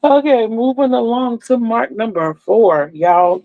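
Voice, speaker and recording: A woman in her sixties from Virginia, USA, hosts her crochet channel in a homey, chatty livestream, addressing her viewers as "y'all." Her voice is a little high, expressive, and unhurried, but the audio is narrow and tinny.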